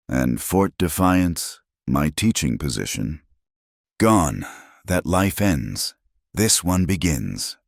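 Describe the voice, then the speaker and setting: A man's voice: low-pitched, creaky, no echo, clean studio sound, exaggerated voice. A man voicing a solemn, proud warrior who speaks in short, clipped, broken phrases.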